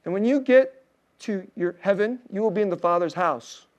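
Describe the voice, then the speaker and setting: With a high voice and moderate pace, a male pastor delivers a casual, story-driven sermon. He uses plenty of fillers and quiet laughs, lowering to a soft, tender voice on heartfelt points.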